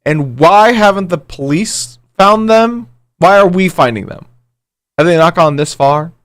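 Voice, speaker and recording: A man's voice: high-pitched, animated, unhurried, dry recording. Man doing an eager young sidekick girl.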